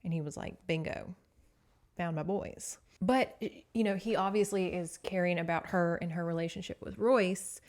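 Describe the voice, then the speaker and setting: A woman's voice: on the low side, steady tone, a little fast, hardly any pauses, a little mellow. A woman hosting a podcast, casually recapping a novel with sass and swearing. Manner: chatty, sassy, swears freely. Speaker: podcast host.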